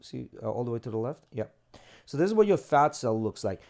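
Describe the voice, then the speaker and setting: A man's voice: mid-range voice, sing-song, fairly quick, creaky, a little mellow. A man co-hosting a podcast, talking loosely and casually, swearing freely and explaining things step by step. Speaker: podcast co-host.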